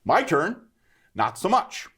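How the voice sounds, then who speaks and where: A man in his fifties, a guest entrepreneur, telling his story in a casual, animated interview and often checking in with "right?". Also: high voice, slow pace, slightly rough. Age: 50s. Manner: animated, emphatic, keeps adding "right?".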